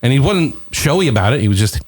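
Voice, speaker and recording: A middle-aged man chatting as a podcast guest, his voice swinging up and down as he tells rambling anecdotes. He talks at a medium pitch and trips over his words on the way into each story. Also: quick pace. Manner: animated storyteller, rambling with restarts. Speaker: comedian guest. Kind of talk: casual podcast chat.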